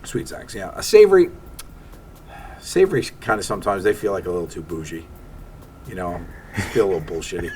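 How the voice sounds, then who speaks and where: A comedian guest from Staten Island chats casually in an interview, telling stories with animation and acting out the quotes. His voice is deep and fairly quick, with long pauses and a faint hiss or hum underneath.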